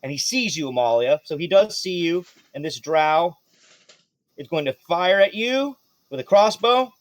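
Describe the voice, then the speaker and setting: A man running a tabletop game, narrating combat with a voice that swings up and down all the time. He laughs easily and sounds close to the mic in a dry, dead space. His pitch sits a bit above the usual man's. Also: no echo. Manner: lively, laughs often, jumps into quick character shouts. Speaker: game master.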